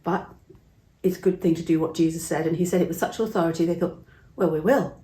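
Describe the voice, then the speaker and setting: A woman's voice: fairly low pitch, fast. English woman telling a Bible story in an echoey room. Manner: expressive, chatty, acts out voices. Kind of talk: storytelling for children.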